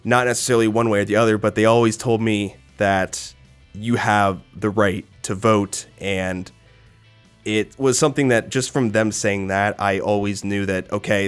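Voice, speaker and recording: A man's voice: fairly low pitch, clear, resonant tone. Casual, swearing young American man. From United States. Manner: casual, swears often, animated asides. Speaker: YouTube creator. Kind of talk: casual Q&A vlog.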